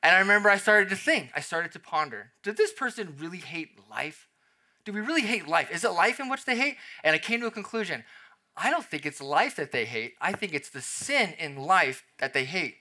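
A young adult man preaching a sermon, dropping to a soft emphasis on key phrases and swinging his loudness up and down. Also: sits high, sing-song, fairly quick. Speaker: pastor.

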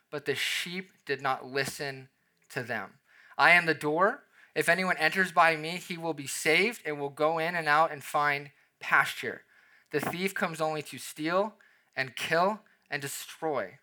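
A young adult man preaching a sermon, dropping to a soft emphasis on key phrases and swinging his loudness up and down. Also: fairly high pitch. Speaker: pastor.

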